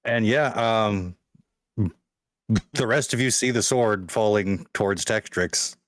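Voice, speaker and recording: A man narrating as game master of a tabletop game, relaxed and halting, with many restarts. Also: on the low side, no echo.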